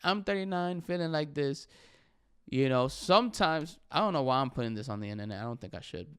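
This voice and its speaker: A man's voice: a little high, lively intonation, fairly quick, fairly bright tone, clean tone. A man in his thirties, a comedian hosting his own podcast, talking candidly and in a rambling, reflective way about how he feels. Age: 30s. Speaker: podcast host and stand-up comedian. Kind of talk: candid solo podcast monologue.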